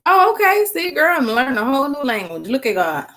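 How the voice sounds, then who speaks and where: A woman's voice: high voice, sing-song, a little fast, fairly bright tone. A tired woman chatting casually with viewers on a live stream, eating snacks as she talks and calling them girl and sis. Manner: eating snacks while talking. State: tired after work.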